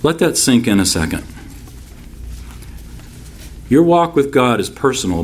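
Guy preaching a sermon, average pitch, hammers points by repeating them, drifts into chatty stories. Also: very animated, normal speed, pauses often, husky. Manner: emphatic, repeats key phrases; folksy storytelling with asides. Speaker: pastor.

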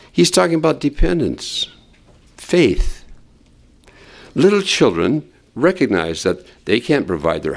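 An older man preaching a sermon as a pastor, animated and stressing key words. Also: mid-range voice, creaky.

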